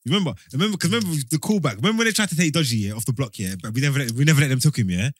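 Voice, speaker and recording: A young man telling a story in casual chat, animated and slangy, often laughing and acting out quotes. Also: mid-range voice, racing, no echo.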